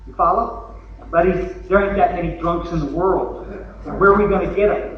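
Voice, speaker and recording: Speaking briskly in a high voice, a Texan man delivers a joking, folksy recovery talk from a convention podium, slipping in acted asides. A crowd is audible, and the recording is lo-fi, echoey, and far off in the large hall.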